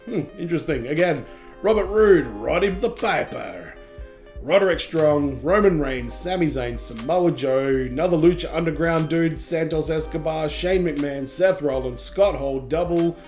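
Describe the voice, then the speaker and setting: A man hosts a casual reaction video, reading a long list of names and dropping quick comments as he goes. His voice sits a little high for a man. Soft music plays faintly behind him. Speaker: gaming channel host.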